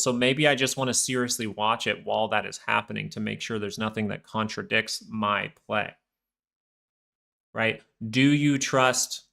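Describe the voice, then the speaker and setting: A man's voice: mid-range voice, vocal fry, pushed and bright. A young man hosting a live stock market stream, rambling through casual chart commentary full of fillers and goofy asides.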